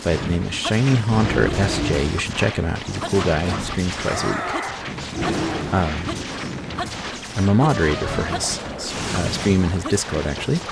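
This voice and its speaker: A tired American man giving relaxed, rambling commentary over his gameplay as the host of a gaming channel. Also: low voice, moderate pace, creaky, over loud music. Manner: relaxed, rambling, self-correcting. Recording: loud game sound effects behind voice.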